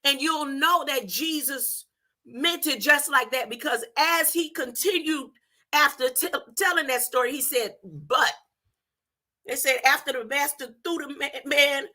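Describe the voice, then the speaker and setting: A woman's voice: sits high, measured pace, sharp tone. A woman hosting a podcast, teaching scripture informally in a conversational way and retelling the story in her own words. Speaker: podcast host.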